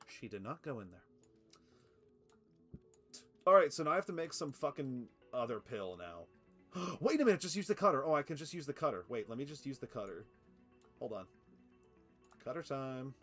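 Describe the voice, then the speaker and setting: A man streaming a factory game live, excitable and swearing, laughing often and cooing at his cat. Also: mid-range voice, normal speed, pauses often, soft background music. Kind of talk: live gameplay commentary.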